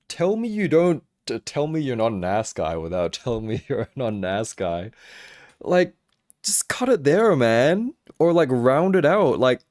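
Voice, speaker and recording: A young man streams casually from his home in Hong Kong, chatting about action figures with lots of expression, cursing freely and laughing while he answers viewers. His voice sits in the mid-range and he takes his time. The sound is clean and studio-like, with no room sound.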